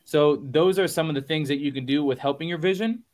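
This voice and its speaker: A man's voice: on the high side, a little fast, darkish tone. A man with a slightly raised voice gives a motivational talk as a business coach on a podcast. He is emphatic and punchy, stacking repeated phrases, and talks casually to his listeners. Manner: casual, addresses listeners as y'all.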